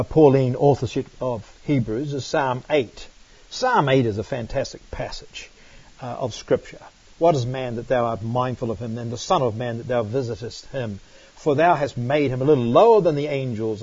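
A man's voice: medium pitch, darkish tone, breathy edge, no room sound, dull audio. A man giving a Bible study lecture, explaining passages and reading scripture aloud, often checking in with "right?". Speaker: Bible teacher.

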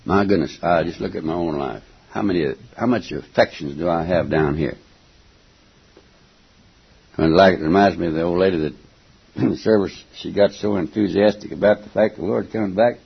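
An older man preaching a folksy, emphatic sermon, stopping now and then to clear his throat and going back over his words. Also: low-pitched, normal speed. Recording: dull lo-fi recording.

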